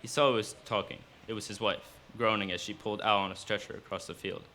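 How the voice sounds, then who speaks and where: A man's voice: on the low side, quick pace, a little hiss or hum. Man reading his own story aloud. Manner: steady storytelling narration. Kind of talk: live fiction reading. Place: cafe, live event.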